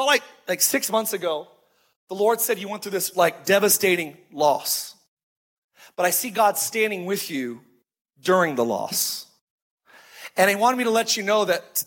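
A male preacher with a high, bright voice and a husky edge. He tells stories casually and slows down hard on the lines he wants to land. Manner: conversational storytelling with emphatic slowed phrases. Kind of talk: sermon.

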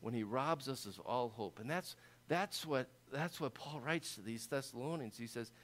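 A middle-aged man preaching a sermon in a conversational, animated way with frequent restarts. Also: medium pitch, normal speed. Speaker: pastor.

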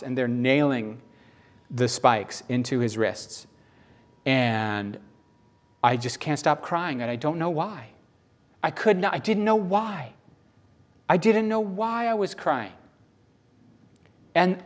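A middle-aged male preacher talks to his congregation in a loose, conversational way. He tells personal stories with strong emotion. His pitch leaps up in excited moments and sinks to a hush in the tender ones. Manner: conversational, emotional storytelling with sudden rises in pitch. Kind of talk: sermon.

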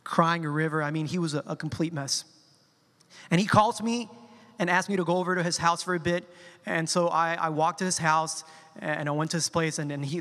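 A man from Colombia with a Spanish accent, preaching a sermon and telling stories with slow, emphatic quotes. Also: fairly high pitch, fairly bright tone, in a large hall. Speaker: pastor.

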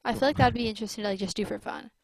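A woman's voice: on the high side, fairly even intonation, very fast, dry recording. A young woman in casual chat, slangy and profane, with lots of "like". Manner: slangy, swears freely, many likes.

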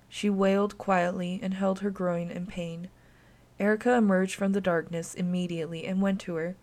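A woman narrating a dark story in an even, measured reading voice. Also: lowish voice.

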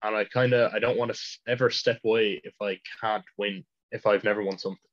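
A teenage Irish lad chatting casually, telling rambling stories and laughing mid-sentence. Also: male voice, on the low side, steady tone, fast. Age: teens. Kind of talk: casual chat. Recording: dull lo-fi sound.

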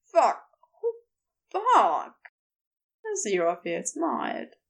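A woman narrating a romance story in a slow, expressive reading. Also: fairly high pitch. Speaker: fan fiction reader. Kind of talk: scripted narration.

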